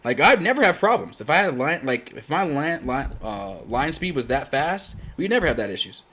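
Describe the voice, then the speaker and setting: A man born in Germany, a native German speaker, hosting a game tournament in casual chat, blunt and loud when excited. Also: fairly high pitch, moderate pace, slightly rough. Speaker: tournament host.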